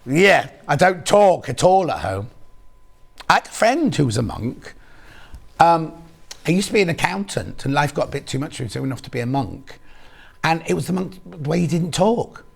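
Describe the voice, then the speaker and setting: Male shopping-channel host, lively sing-song delivery, teasing and chatty, a bit gravelly. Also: on the high side, moderate pace. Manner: chatty, playful, teasing, reads viewer messages aloud. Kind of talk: live on-air selling chat.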